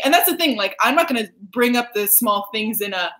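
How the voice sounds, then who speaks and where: A woman giving a casual astrology reading, animated and laughing, who swears freely and acts out quoted voices. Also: fairly high pitch, a little fast, roomy sound, background noise. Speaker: astrology reader.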